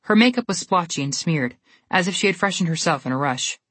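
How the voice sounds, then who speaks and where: A woman narrating a storybook in a steady, even reading manner. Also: lowish voice, a little fast, slightly rough, dry recording.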